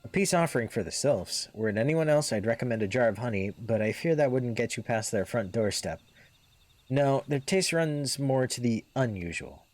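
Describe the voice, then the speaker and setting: A man's voice: medium pitch, lively intonation, moderate pace, a little mellow, lightly acted. A man voicing a folksy, forgetful male forest villager from a fantasy game, in a wavering drawl he likens to a drunk Yoda. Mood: confiding. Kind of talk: reading game dialogue aloud in character. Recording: faint music underneath.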